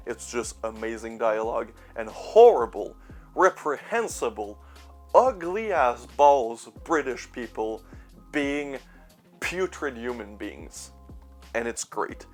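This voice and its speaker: A man's voice: medium pitch, expressive, slow, soft background music. A young man chatting casually about his collection, rambling and sarcastic, swearing now and then. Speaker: YouTuber reviewing his movie collection. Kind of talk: casual chat.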